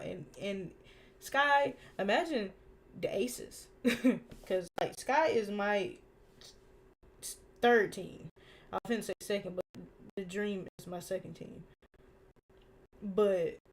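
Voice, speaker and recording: A young woman streaming while she draws, ranting casually in an animated, slangy way and laughing often. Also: mid-range voice, slight background noise. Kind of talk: casual rant while drawing.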